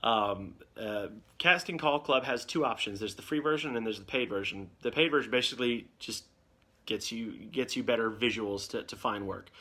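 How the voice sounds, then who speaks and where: A man's voice: mid-range voice, moderate pace, sharp tone. A man hosting a live Q&A, giving casual advice in a plain, everyday voice that he calls nerdy. He rambles candidly and often restarts his sentences.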